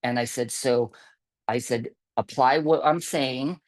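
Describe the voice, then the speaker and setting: A man recounts a story in a relaxed, meandering way on a video call. He restarts his sentences often and acts out the lines of the people in his story. His voice sits at an ordinary middle pitch. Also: unhurried. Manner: rambling, many fillers and restarts, quoting others. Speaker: camp volunteer telling a story. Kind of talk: casual storytelling.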